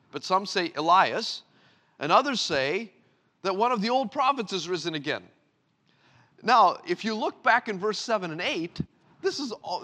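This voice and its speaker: A male pastor preaches a sermon to his church, swinging between loud, emphatic lines and hushed, low ones.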